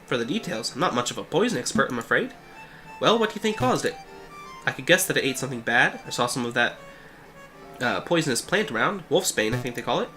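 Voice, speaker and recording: A man's voice: mid-range voice, very animated, quick pace, pushed and bright, soft background music. A man reading a boastful hunter's lines in a self-assured storytelling manner. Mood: plain. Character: boastful male hunter telling a tale.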